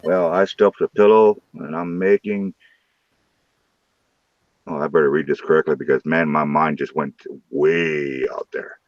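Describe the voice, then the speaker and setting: Low-voiced rowdy man chatting live. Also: steady tone, unhurried, no room sound, lo-fi sound. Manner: rowdy, crude joking banter with chat. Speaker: livestream host. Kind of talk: casual live-stream chat.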